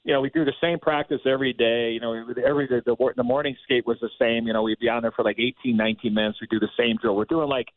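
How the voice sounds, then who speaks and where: A man, a former hockey player, telling a rambling, animated story in casual chat, laughing often. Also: medium pitch, fast, few pauses, no room sound, phone-quality sound.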